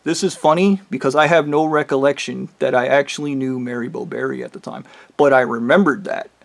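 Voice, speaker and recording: A man's voice: mid-range voice, steady tone, brisk, vocal fry. A man telling a rambling personal story, swearing casually and acting out the back-and-forth of a conversation. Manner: rambling, profane, quoting in dialogue.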